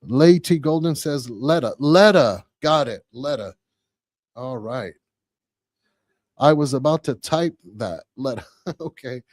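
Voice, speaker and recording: A man in his forties hosting a podcast live, chatting casually with viewers, reading comments and repeating phrases excitedly. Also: medium pitch, slow pace, pauses often, dry recording. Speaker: podcast host.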